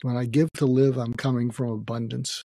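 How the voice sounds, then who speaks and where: An older man speaking as a psychiatrist guest in an interview, reflective and halting, with many restarts. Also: mid-range voice, level tone, dark tone, dry recording. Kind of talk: emotional personal interview talk.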